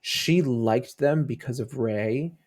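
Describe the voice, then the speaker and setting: A man's voice: medium pitch, slow, a little mellow. A man who is a father, guest on a fan podcast, telling stories in a rambling, casual way with many fillers and restarts. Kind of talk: casual interview chat.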